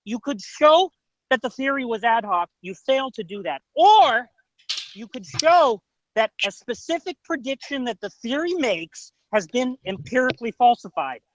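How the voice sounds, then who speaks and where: A man's voice: very high voice, sing-song, moderate pace, muffled recording, a little hiss or hum. A man in a heated debate who presses his opponent with pointed questions, repeating "right?" to drive his points home. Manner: insistent, interrogating, repeats "right?". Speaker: debater defending a theory.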